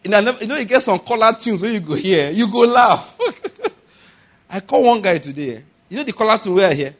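Man, Nigerian accent, sermon, lively and chuckling, asks the congregation questions, voice a bit higher than most men. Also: fast talker. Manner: animated, laughs often, rhetorical questions to the congregation. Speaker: preacher.

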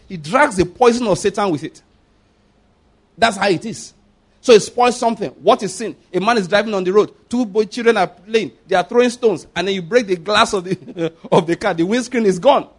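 A man preaching in a Nigerian accent uses a high, husky voice at a normal speed. His sermon is emphatic and rhetorical, with acted-out quoted pleas and frequent questions about whether listeners get his point.

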